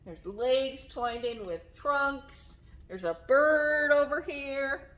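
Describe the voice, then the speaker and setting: A woman with a slightly hoarse voice leading a children's story time, singing songs, making animal sounds and reading a picture book aloud in a coaxing sing-song way. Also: high-pitched, expressive, slow, fairly bright tone. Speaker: children's librarian. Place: public library story room.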